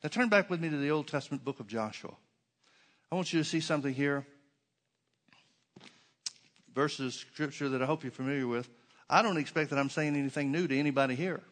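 A man's voice: a little high, a little fast, long pauses, fairly bright tone. Emphatic male preacher at a church. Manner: emphatic preacher who asks rhetorical questions and repeats for effect. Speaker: pastor. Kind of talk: sermon.

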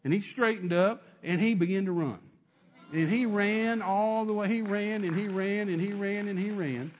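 A man's voice: sits high, normal speed. A male preacher telling a sermon story, emphatic and repetitive, with many restarts.

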